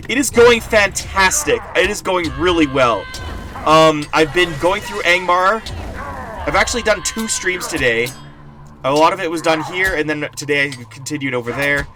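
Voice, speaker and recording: Excitable, high-voiced gaming streamer man. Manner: excitable, rambling, quick to laugh. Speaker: game streamer. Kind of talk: live gameplay stream chat.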